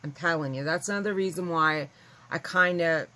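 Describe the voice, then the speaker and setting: A woman's voice: on the low side, normal speed, pushed and bright, poor audio. A woman chatting casually to her viewers, rambling and candid. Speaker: vlogger. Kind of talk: casual chat to camera.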